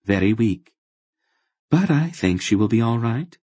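A man doing a gentle, firm sorceress aunt. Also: medium pitch, animated, breathy edge, no echo, voice pushed up. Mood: sad. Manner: soft, measured, sorrowful. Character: calm grown woman sorceress, gentle and firm.

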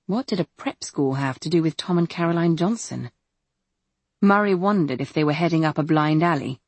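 A woman narrating an audiobook in a measured, even storytelling manner. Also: low voice, slightly rough, dry recording. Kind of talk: scripted narration.

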